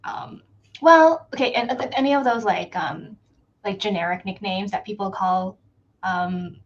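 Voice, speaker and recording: A woman chatting casually on a reading stream, animated and giggly. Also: mid-range voice, unhurried, muffled recording. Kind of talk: casual chat.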